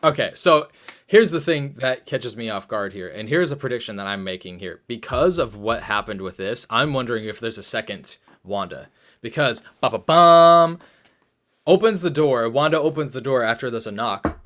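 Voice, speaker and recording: A young man co-hosting a casual comic discussion podcast, excitable and swearing, acting out his reactions. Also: medium pitch, moderate pace. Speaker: podcast co-host. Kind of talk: casual chat.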